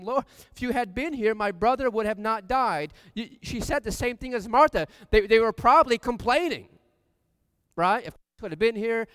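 A man with a high, smooth and clear voice preaches a sermon, reading scripture and asking the congregation questions. He swells into loud emphasis as he drives his points home. His voice rings out with a long reverb in a church hall.

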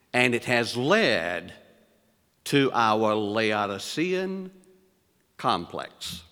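Male preacher, slow deliberate delivery, rhetorical questions, long hall reverb. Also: mid-range voice, a bit bright. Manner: reads scripture in elevated, rising tones. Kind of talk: sermon.

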